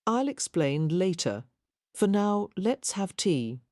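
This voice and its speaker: A reserved young Victorian wife, composed and earnest, voiced by a woman reader. Her tone is low and mellow, recorded close and dry. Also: big pitch swings, slow pace, dry recording.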